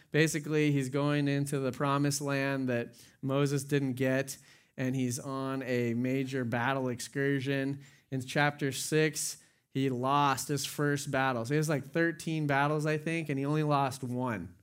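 A young man preaching in a relaxed, conversational sermon. He tells stories loosely, with fillers and laughter in his voice, and his pitch sits in an ordinary middle range. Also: smooth. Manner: casual, storytelling with laughs and quoted dialogue. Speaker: pastor. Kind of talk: sermon with personal story.

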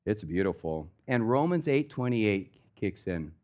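A man's voice: fairly low pitch, big pitch swings, unhurried, warm tone. A pastor preaching a sermon, talking casually and with slang, acting out the stories he tells.

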